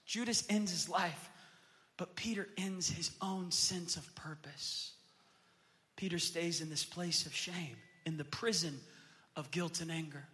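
High-voiced man preaching in a reverberant church. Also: unhurried. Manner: preaching that swells to loud, impassioned peaks; acts out quoted voices of his kids in storytelling. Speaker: pastor. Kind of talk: sermon. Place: church sanctuary with a congregation. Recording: long hall reverb from a church sanctuary.

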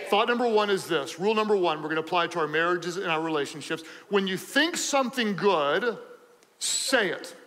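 A man preaching a sermon as pastor, animated and joking, repeating phrases for emphasis. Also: high voice, in a large hall, low-quality recording.

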